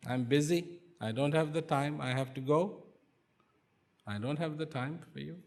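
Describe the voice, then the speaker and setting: A man voicing a calm old wise man who speaks in short, measured phrases. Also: a little high, close to an everyday voice. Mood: curt.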